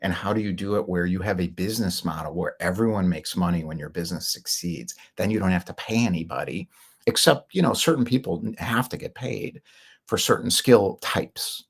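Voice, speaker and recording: A man's voice: sits low, a little fast, gravelly, husky. A middle-aged man telling his own business story in a rambling, candid monologue, with fillers and short laughs. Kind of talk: casual monologue.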